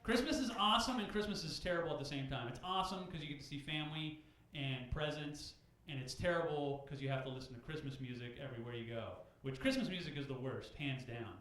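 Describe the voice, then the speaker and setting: A man doing a stand-up comedy set at an open mic, animated and loud, jumping into high shouted bits. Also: fast talker, hardly any pauses. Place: comedy club stage. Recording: very echoey club room.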